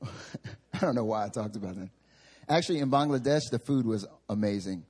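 Husky-voiced male pastor preaching. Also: on the low side, normal speed, a little mellow. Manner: humorous storytelling, self-mocking. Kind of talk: sermon. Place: church sanctuary.

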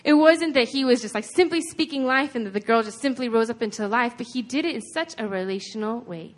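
Woman preacher, slightly high voice, casual and earnest, chatty sermon delivery. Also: lively intonation, fairly quick. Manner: conversational, earnest, retelling scripture with frequent "like".

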